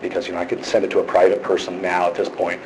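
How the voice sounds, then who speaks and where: A man's voice: low-pitched, little pitch movement, racing. A man talking anxiously at a police station, rambling with many fillers and restarts. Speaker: complainant. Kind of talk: casual conversation. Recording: noisy, echoey room from a distance.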